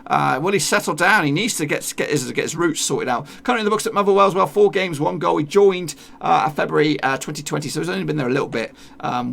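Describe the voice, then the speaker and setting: A man talks through a football lineup in a loose, rambling way, filling gaps with "uh" and restarting his sentences. His voice sits a little high, with a gravelly fry and a bright, forceful edge. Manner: chatty, rambling with many fillers and restarts. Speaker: football video creator. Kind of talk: casual football commentary over a team lineup.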